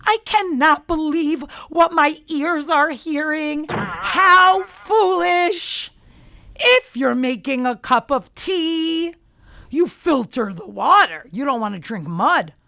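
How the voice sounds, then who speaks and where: A woman's voice: sits high, sing-song, measured pace, a bit bright, no room sound, exaggerated voice. A woman voicing a stern male governor in a children's story, exasperated and lecturing. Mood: outraged.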